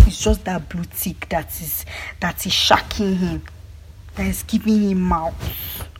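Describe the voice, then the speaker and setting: A young Nigerian woman with a Nigerian accent, delivering an angry, emphatic monologue that often drops to a hushed near-whisper. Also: on the low side, background noise. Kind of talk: impassioned monologue.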